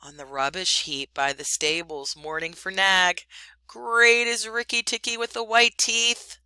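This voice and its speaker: A woman voicing a silly little male tailorbird who talks in a gushing, sing-song, excitable way in a storybook reading. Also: mid-range voice, a little slow, clean tone, dry recording.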